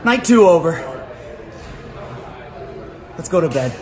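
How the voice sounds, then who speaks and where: A man's voice: on the high side, sing-song, takes it slowly. A man in his thirties, a wrestler vlogging on tour, chatting casually with mock-dramatic, theatrical complaining. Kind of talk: casual vlog chat.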